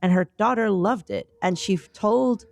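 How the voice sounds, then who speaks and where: A woman co-hosting a podcast, who talks about her books and tells stories in a chatty, excitable way. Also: mid-range voice, normal speed, vocal fry. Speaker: podcast co-host and author. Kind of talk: casual podcast chat.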